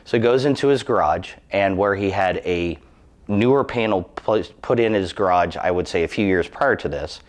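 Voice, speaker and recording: A man's voice: low voice, normal speed. A man in his thirties telling a personal safety testimonial in an earnest, emphatic, cautionary way. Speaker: employee giving a safety testimonial.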